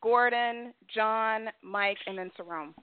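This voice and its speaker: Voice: medium pitch, takes it slowly, clear, resonant tone, dry recording. Podcast host on a tinny line. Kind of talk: casual podcast chat. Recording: phone-like narrow sound.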